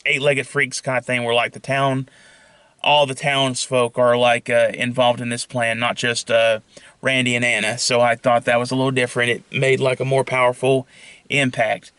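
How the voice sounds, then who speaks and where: A young man pitching his own film idea in a casual, rambling monologue full of fillers and restarts. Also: little pitch movement, normal speed, a bit bright, clear, resonant tone, dry recording.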